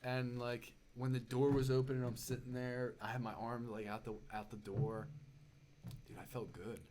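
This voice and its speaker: Animated young man telling a story. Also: medium pitch, a little hiss or hum. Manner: animated, fast-building storyteller with lots of fillers and "dude". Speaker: podcast guest. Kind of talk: casual storytelling chat.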